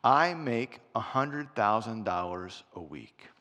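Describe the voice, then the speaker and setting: A man voicing a calm, unbothered rich castaway in a joke. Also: on the low side, slow pace, long reverb tail, full character voice.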